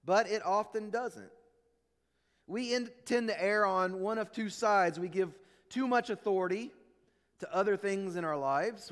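A man preaching a sermon, telling stories and acting out quotes, then dropping low and quiet to drive a point home. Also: in a large hall. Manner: storytelling preacher, acts out quotes, drops low for emphasis. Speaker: pastor.

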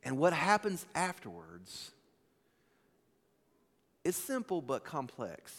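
A man delivers a sermon in a relaxed, chatty manner, repeating words as he gathers his thoughts. His voice sits a little high for a man. The sound carries a long reverb from the church hall. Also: slow pace. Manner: casual, conversational preaching with restarts and "like". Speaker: pastor.

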